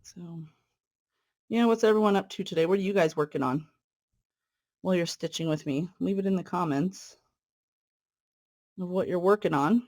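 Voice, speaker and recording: A woman talks casually to her viewers while she works on a cross-stitch piece. Her talk is friendly and rambling, full of fillers and asides. Now and then she pauses mid-thought as she threads and pulls stitches. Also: fairly low pitch, a little mellow. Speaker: cross-stitch video host. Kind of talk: casual stitch-along chat.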